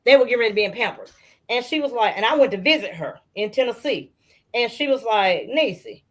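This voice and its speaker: A woman's voice: a little high, brisk. A middle-aged woman, a guest on an interview, telling family stories casually and acting out her relatives' voices. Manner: animated storyteller who acts out family members' voices.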